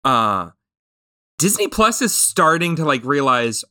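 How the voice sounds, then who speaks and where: A man's voice: fairly high pitch, very animated, measured pace, pushed and bright, dry recording, clean studio sound. A man hosting a podcast, chatting casually and telling stories with many restarts and fillers. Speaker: podcast host.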